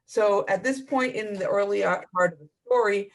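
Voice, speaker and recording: A man, an author, reading his own fiction aloud in a measured, expressive storytelling manner. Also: high voice, vocal fry.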